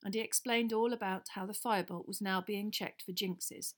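A woman reading a children's fantasy novel aloud, in a steady, even narrating voice at a middling pitch. The delivery is calm and clear, the plain voice of a reader at home with the text. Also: brisk, few pauses. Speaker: audiobook reader. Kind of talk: storybook narration.

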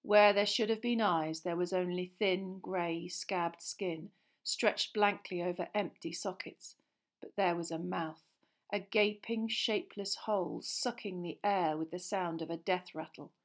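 A woman's voice: on the low side, a little slow. Woman reading a tense fantasy story. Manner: tense, expressive reading that builds suspense. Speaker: audiobook reader. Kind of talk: dramatic storybook narration.

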